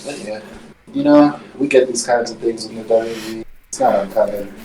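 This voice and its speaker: Man, lowish voice, casual podcast co-host, relaxed, opinionated, mic a bit far off. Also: moderate pace. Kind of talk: casual wrestling talk. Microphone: sitting far from his mic.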